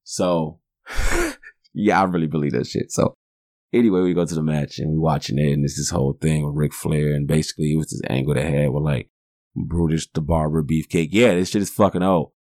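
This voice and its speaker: Gravelly deep-voiced guy in his 40s, cussing and rambling, super laid-back podcast talk. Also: a little fast, a little mellow, dry recording, clean studio sound. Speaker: podcast host. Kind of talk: casual storytelling monologue.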